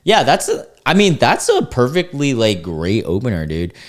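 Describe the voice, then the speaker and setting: A man's voice: medium pitch, wildly swooping pitch, moderate pace. A young man hosting a casual reaction commentary, reading dating-app chats aloud in an amused, laid-back way with frequent restarts. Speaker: commentary host reading screenshots.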